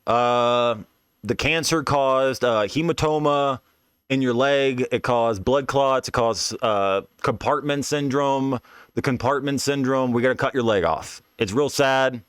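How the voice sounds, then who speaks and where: A young man recounts a personal story in loose, profane slang, animated and full of restarts and asides. His voice sits at an ordinary male pitch and is recorded close and dry, with no room sound around it. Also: measured pace, smooth, dry recording. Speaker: streamer telling a personal story. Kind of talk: casual first-person storytelling.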